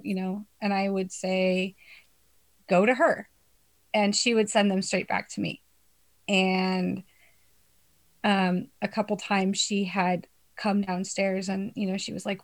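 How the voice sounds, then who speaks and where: A woman's voice: medium pitch, takes it slowly, pauses often. Young woman ranting about work to friends, swears a lot, laughs a lot, casual. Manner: swearing, laughing, animated storytelling. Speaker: storyteller among friends. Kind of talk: casual chat.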